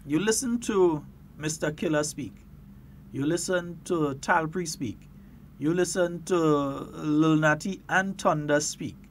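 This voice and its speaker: High-voiced Grenadian radio host. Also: male voice, slow pace, a little hiss or hum. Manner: lively, laughs often, stretches words for emphasis. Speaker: radio talk show host. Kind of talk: casual radio chat.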